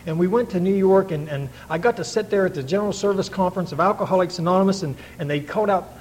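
A man's voice: high voice, fast, a little mellow, slight background noise, low-quality recording. A middle-aged man telling his own story to a recovery meeting, in an earnest, folksy way with many restarts. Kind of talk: personal testimony to an audience.

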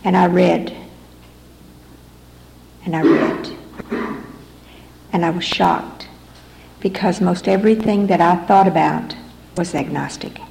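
A woman's voice: fairly low pitch, fairly even intonation, takes it slowly, vocal fry, pauses often, darkish tone. A middle-aged woman giving earnest, repetitive personal testimony as a speaker at a recovery meeting in a hall. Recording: echoey room recording, faint background noise.

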